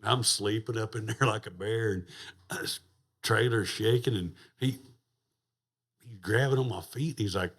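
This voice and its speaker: A man's voice: on the low side, normal speed, pauses often, fairly bright tone, husky. A man, a podcast guest telling a rowdy, profane story in casual chat and laughing as he goes. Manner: rowdy, profane, laughs through his stories. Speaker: podcast guest, rodeo champion.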